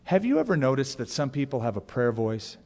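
A man's voice: mid-range voice, a little fast, long reverb tail. A male pastor preaching a sermon, telling stories and acting out exaggerated prayer voices to make his point. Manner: animated storytelling, mimics prayer voices.

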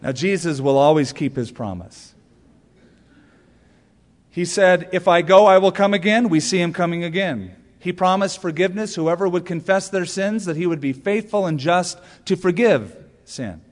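Male preacher, somewhat high voice, sermon delivery, long hall reverb. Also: moderate pace. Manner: storytelling preacher, rhetorical questions, emphatic punch lines. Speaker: pastor.

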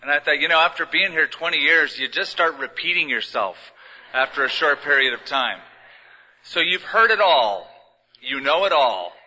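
A middle-aged man gives a conversational, gently humorous sermon in a big church auditorium. His voice is very bright and forward. The recording is dull and lo-fi, with a long reverb tail from the hall. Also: a little high, lively intonation, normal speed, a little hiss or hum. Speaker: pastor.

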